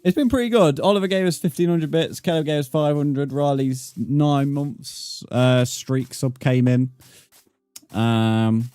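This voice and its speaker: A man's voice: a little high, a little slow, warm tone, clear, resonant tone, no room sound. A young British man live-streaming a game, chatting to viewers with blunt, sweary, mock-outraged banter. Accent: British English. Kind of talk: live-stream gameplay chat.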